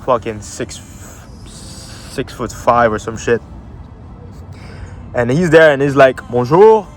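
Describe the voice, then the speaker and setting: A man's voice: medium pitch, slow pace, a little hiss or hum. A young man casually telling a story, swearing a lot and using slang, laughing as he goes. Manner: profane, slangy, laughs often while telling.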